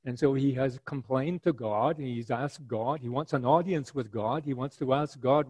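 A man preaching an expository sermon, earnest and rhetorical, paraphrasing scripture in a lively voice. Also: medium pitch, normal speed, few pauses, breathy edge, no room sound, low-quality recording.

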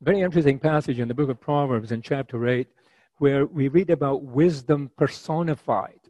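A man preaching a sermon in a measured, conversational way, with many fillers and restarts. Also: mid-range voice, mellow, no echo, low-quality recording.

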